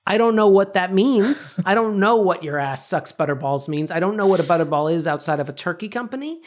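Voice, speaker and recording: Laughing, animated podcast co-host. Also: male voice, high-pitched, brisk, hardly any pauses. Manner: animated, laughs often, acts out shouted lines. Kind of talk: casual chat.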